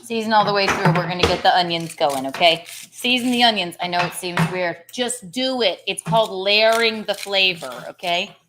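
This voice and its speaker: A woman's voice: medium pitch, moderate pace, hardly any pauses, very noisy. A young woman hosting a casual cooking show, joking and chatting playfully while she cooks. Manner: playful, joking, chanting chopping sounds.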